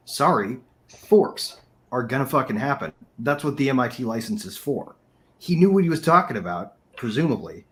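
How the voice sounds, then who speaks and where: A man co-hosting a casual roundtable chat, blunt and quick to swear. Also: medium pitch. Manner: blunt and profane. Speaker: co-host.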